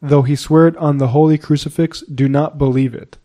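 A man's voice: a little high, fairly even intonation, moderate pace, mellow, close to an everyday voice. A man voicing a melancholy young foreign page who pleads in a sorrowful, half-choked way.

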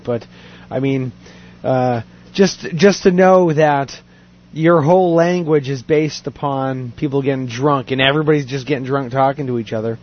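A man's voice: fairly high pitch, slight background noise. Man reading a story aloud in a dull lo-fi recording. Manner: reads aloud with fillers and quick asides. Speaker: podcast host reading a news story. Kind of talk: casual chat.

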